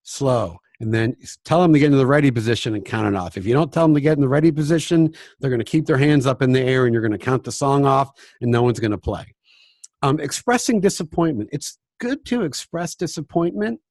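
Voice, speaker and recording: A man with a gravelly, mid-pitched voice talks through his classroom management tips in a chatty, self-deprecating way. He sounds like a music teacher training other teachers. The sound is dry and close, with no room echo. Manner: chatty and self-deprecating, often demonstrating by dropping to a hushed voice. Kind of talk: casual instructional talk with acted classroom examples.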